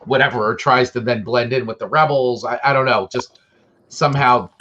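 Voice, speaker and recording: Brief: male co-host, mid-pitched, eager fan talk, muffled lo-fi line. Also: fairly even intonation, brisk, bright, forceful tone, slight background noise. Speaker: podcast co-host. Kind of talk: casual chat about TV shows.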